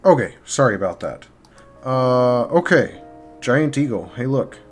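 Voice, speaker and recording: A man narrating as game master in a live-streamed tabletop game, pausing and restarting while he works his game tools. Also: medium pitch, lively intonation. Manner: halting, pauses while working the game tools. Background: faint guitar music.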